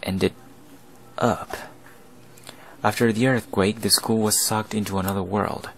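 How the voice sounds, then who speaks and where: A man's voice: fairly low pitch, steady tone, unhurried, gravelly, a bit bright, a little hiss or hum. A man voicing a solemn teenage student council president who explains things formally. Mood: explanatory.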